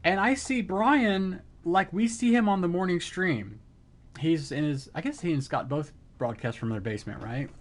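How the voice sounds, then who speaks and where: A middle-aged man streaming live, telling an excited story in casual chat and acting out the quotes. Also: high-pitched, normal speed.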